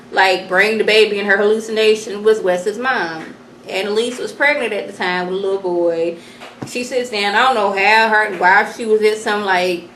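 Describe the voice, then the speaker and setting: A woman giving a casual, animated recap of a TV episode and acting out the characters' lines. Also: mid-range voice. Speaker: vlogger reviewing a TV episode. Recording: echoey room, faint noise.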